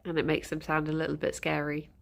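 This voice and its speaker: A woman's voice: low voice, completely flat delivery, quick pace, vocal fry. A woman streaming casually, giggly and rambling, chatting with viewers and talking to her rabbits, a bit sniffly.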